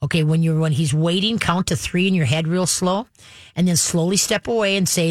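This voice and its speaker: A woman's voice: on the low side, moderate pace, dry recording. A woman hosting a radio show as a dog trainer, giving step-by-step coaching, often checking in with "okay" and "all right". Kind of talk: instructive radio advice.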